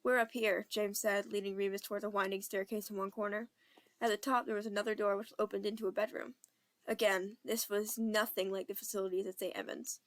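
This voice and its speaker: A woman's voice: mid-range voice, level tone, brisk. Young woman reading a fan audiobook. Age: young adult. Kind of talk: amateur audiobook narration.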